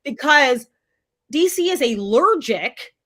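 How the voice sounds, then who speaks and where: A woman's voice: high voice, animated, takes it slowly, sharp tone. A woman who is a political candidate, talking as a guest in a casual live chat interview, emphatic and outspoken.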